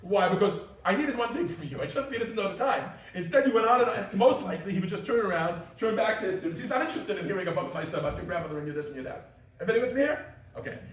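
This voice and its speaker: A man with a high, very lively voice teaches a class as a rabbi, jumping into quick acted-out scenes as he explains. He sounds far from the microphone in a room with a lot of echo. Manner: animated, acts out little scenes in different voices. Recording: echoey room, mic far off.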